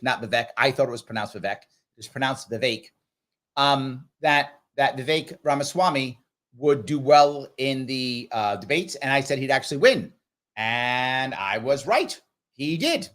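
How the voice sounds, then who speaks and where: A middle-aged man hosting a live question-and-answer stream, talking straight to his viewers in a lively, conversational way. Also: a little high. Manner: animated, talks straight to viewers, acts out others in quick voices. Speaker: political commentator and livestream host. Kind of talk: live Q&A commentary.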